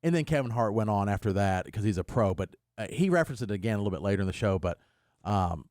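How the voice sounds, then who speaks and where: A man hosting a morning radio show tells a story in casual studio chat, animatedly acting out the quotes. His lowish voice moves at a quick pace, recorded dry on a studio microphone.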